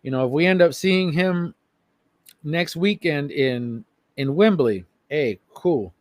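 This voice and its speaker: A man's voice: fairly high pitch, expressive, unhurried, no echo. A man co-hosting a wrestling podcast in casual chat, emphatic and profane, often repeating himself. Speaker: podcast co-host.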